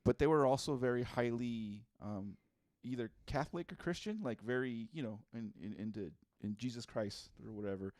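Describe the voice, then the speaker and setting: A man's voice: mid-range voice, normal speed, hardly any pauses, darkish tone, no room sound. A man co-hosting a podcast in casual chat, rambling through stories, swearing and laughing often. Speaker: podcast co-host.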